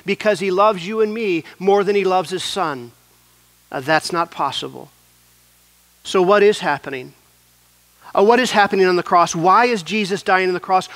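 A man preaching a sermon as pastor, in an earnest, measured way with repeated phrases. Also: high voice, a bit bright, dry recording.

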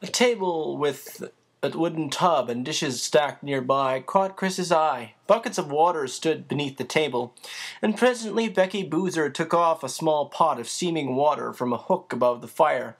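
Audiobook reader, children's novel, creaky texture, even storytelling pace. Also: mid-range voice, normal speed. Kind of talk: reading a children's novel aloud.

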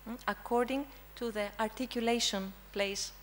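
A woman's voice: a little high, steady tone, normal speed, slight background noise, poor audio. Greek-accented woman teaching a room. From Greece. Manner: prompts audience with frequent "hmm?" checks. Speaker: language teacher presenting. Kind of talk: interactive conference talk. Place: conference room.

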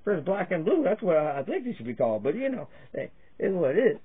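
A man's voice: sits high, sing-song, fast, breathy edge. A man rambling through a profane, jokey comedy monologue to his camera, jumping from topic to topic. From Virginia, USA. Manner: crude, profane, jokey, jumps between topics. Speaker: comedy vlogger. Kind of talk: rambling stand-up style monologue. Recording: tinny phone-like lo-fi sound.

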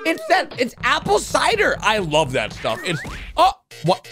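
A man commenting excitedly on cartoon animations, jumping between low murmurs and sudden shouts and gasps. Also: measured pace. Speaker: gaming YouTuber. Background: background music.

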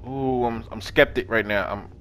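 A man giving casual, excitable let's-play commentary, swearing freely and talking to his viewers and the game's characters. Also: mid-range voice, moderate pace, a little hiss or hum. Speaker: gaming video host.

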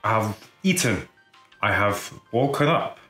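A man's voice: fairly low pitch, lively intonation, measured pace, sharp tone. A man chatting casually in a vlog at home, with playful, joking self-commentary. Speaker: vlogger. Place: home kitchen. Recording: echoey kitchen with music.

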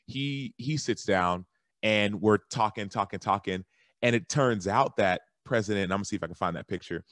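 A man from Texas, a guest on a podcast, telling a lively story in a casual, animated way that jumps high when he quotes himself. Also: moderate pace, no room sound, clean studio sound. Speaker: guest, former football linebacker and author.

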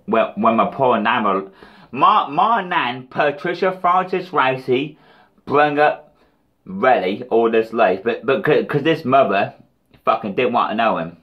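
A man's voice: medium pitch, animated, unhurried, muffled recording. A British man ranting in a rambling, profane, taunting diss vlog. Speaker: vlogger.

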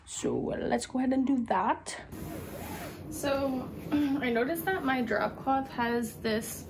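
A young woman vlogging casually from her apartment in a groggy morning voice, chatty and relaxed with lots of fillers. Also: sits high, takes it slowly, noisy background. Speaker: DIY vlogger. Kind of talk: casual home vlog narration. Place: apartment living room.

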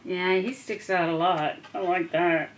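Soft-muttering woman crafting. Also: fairly low pitch, steady tone, unhurried. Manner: muttering half-whispered asides while she works. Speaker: crafting vlogger. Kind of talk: casual craft demo talk. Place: home craft desk. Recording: noisy home recording.

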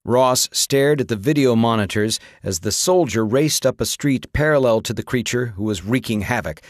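A man reading an audiobook with dramatic, expressive narration. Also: medium pitch, moderate pace, dry recording, studio quality. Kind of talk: scripted narration.

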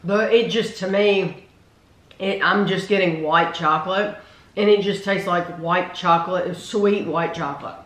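A woman's voice: fairly low pitch, fairly even intonation, a little slow, fairly bright tone. A woman hosting a casual taste test, chatting enthusiastically and reading product descriptions aloud. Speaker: food reviewer host. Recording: roomy echo.

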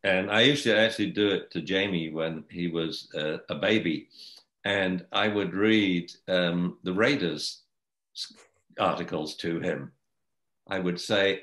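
A man's voice: sits low, a little slow, fairly bright tone, reverberant. An older man, a dog trainer, talking in a chatty way and laughing often. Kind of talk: casual discussion.

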